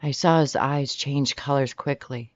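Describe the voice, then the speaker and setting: An audiobook narrator reading a romance novel in the first person, animated and shifting pitch often from line to line. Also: unhurried, no echo. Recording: slightly dull, dry recording.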